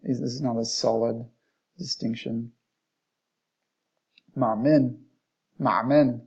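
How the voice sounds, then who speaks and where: A man's voice: medium pitch, fairly even intonation, measured pace, creaky, darkish tone, slightly rough. A man teaching an Arabic lesson, reading from a textbook, explaining it in plain words and modeling Arabic phrases. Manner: reads passages aloud, then restates them plainly, modeling Arabic phrases. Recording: dull lo-fi recording.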